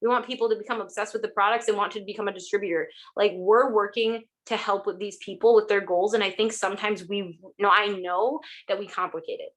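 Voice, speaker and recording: A young woman telling her team a motivational story about sales, talking quickly with many "like"s and "oh my gosh"es. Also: mid-range voice, steady tone, fairly bright tone. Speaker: network marketing distributor.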